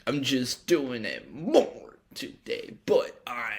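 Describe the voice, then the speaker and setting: Young guy doing a solo podcast, slow and gravelly, swears a lot, kinda rambly. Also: medium pitch, huge pitch swings. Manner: rambling, profane, reflective. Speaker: podcast host. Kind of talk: casual solo monologue.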